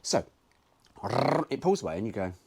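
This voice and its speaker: A man's voice: on the low side, sing-song, moderate pace, heavy background noise. A man hosting his own car video, chatting casually with cheeky, sweary jokes. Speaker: car vlogger.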